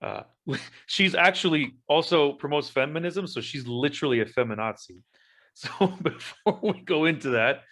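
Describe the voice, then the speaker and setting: A man's voice: a little high, moderate pace, a bit bright. A man hosting a casual podcast, joking crudely with restarts and laughs while reading an article aloud. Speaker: podcast host.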